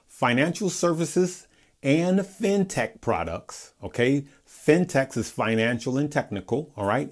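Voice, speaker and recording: A man hosting a casual stock market video, chatty, often checking in with listeners with a quick "all right?" and restarting his phrases. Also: mid-range voice. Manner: conversational, with frequent restarts.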